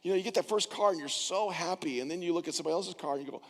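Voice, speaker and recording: Older pastor preaching in a reverberant church. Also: male voice, sits high, racing, few pauses. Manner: conversational, acts out quoted inner voices. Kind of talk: sermon. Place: church sanctuary. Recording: church hall with long reverb.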